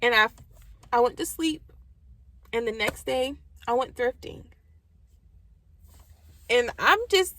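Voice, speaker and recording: A young woman talks straight to her viewers in a bright, slightly high voice. She is animated and emphatic as she shares a personal faith testimony, often calling them y'all. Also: slow, pauses often, no echo, rough recording. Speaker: vlogger and book recommender. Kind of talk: casual faith testimony to camera.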